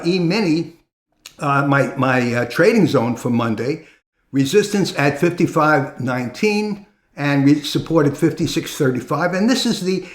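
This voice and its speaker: A man hosting a trading channel, talking through chart levels step by step in a conversational way. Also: mid-range voice. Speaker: trading educator. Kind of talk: market analysis talk. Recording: roomy echo.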